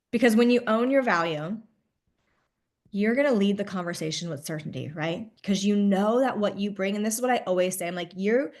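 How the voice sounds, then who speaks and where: A woman hosting a live online training for a small business audience. Her delivery is animated, with quick asides of "okay" and "right" and playful acted-out voices of clients. Her pitch sits in the middle.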